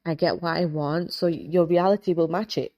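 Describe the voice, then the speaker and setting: Woman giving an animated motivational talk. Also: lowish voice, moderate pace. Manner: animated, acts out quoted inner dialogue; casual, repetitive affirming delivery. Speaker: host, hypnotist and life coach. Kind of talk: motivational faith-based talk.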